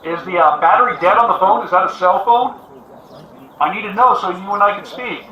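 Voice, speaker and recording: A man working as a police negotiator, calmly and steadily appealing to someone to come out and talk. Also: sits high, fairly quick, lo-fi sound. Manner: steady, coaxing, repetitive appeals. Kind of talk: calm crisis negotiation. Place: outdoors on a street. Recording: echoey, from far off.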